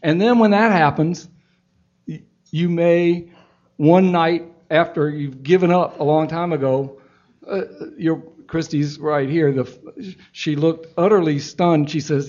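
A man with a fairly high voice answers audience questions at a public talk. He speaks earnestly and haltingly, restarting his sentences often. The sound is dull and lo-fi. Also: darkish tone. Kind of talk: Q&A talk, reflective storytelling. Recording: dull lo-fi event recording.

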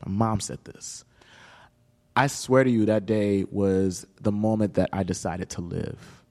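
A man's voice: lowish voice, steady tone, a little slow, darkish tone, long reverb tail. A man in his thirties, an author and guest in an interview, telling a personal story candidly and emotionally, with casual slang.

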